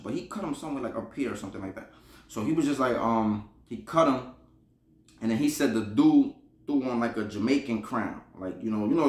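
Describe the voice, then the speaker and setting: Speaking in a mid-range voice with a roomy sound, a man from Buffalo, New York, casually spins a rambling prison tale for a podcast. He uses slang, repeats himself and laughs as the story unfolds.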